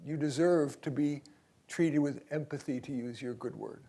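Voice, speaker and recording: An older man leads a seminar in a university auditorium with a voice pitched a little high for a man. He talks in a conversational, emphatic way, dropping to soft asides and then pushing key points out loud. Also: normal speed. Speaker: career coach leading a seminar. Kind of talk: lively seminar talk.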